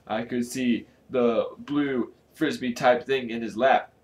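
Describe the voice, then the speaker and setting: A man casually reading a storybook aloud, with a lively delivery and joking asides. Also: mid-range voice, slow pace. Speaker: channel host reading aloud.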